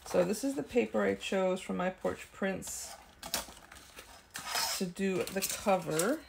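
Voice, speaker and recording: A woman with a mid-range, creaky voice hosts a casual craft video, speaking slowly over background noise. Working at her desk, she chats and thinks aloud, with lots of ums and small laughs.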